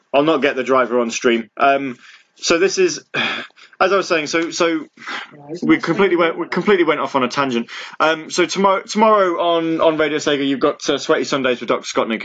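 A man's voice: a little high, a bit bright. A man hosting a live internet radio stream, chatting casually and rambling with a jokey manner.

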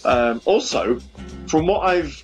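A young man runs a homemade internet radio show from a room at home, chatting loosely with listeners between songs while faint music plays. His voice is on the high side, expressive and slow. He rambles, pokes fun at himself, and stumbles through fillers and restarts.

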